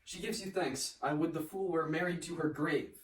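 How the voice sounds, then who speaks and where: A man's voice: on the high side, steady tone, normal speed, distant mic, natural voice. A man playing a cold, stern noblewoman mother in an amateur Shakespeare reading, curt and dismissive. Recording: roomy echo, off-mic.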